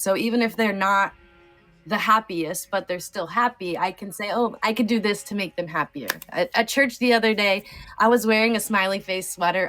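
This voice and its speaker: A woman's voice: medium pitch, fairly bright tone. A woman in her thirties, a podcast guest talking in a heartfelt, casual way, sometimes near tears, with many fillers. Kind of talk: emotional casual conversation.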